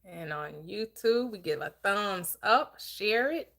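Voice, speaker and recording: A woman hosting a live-streamed book club, upbeat and chatty, greeting viewers with quick repeated words. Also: medium pitch, expressive, a bit bright. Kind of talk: live-stream chat and discussion.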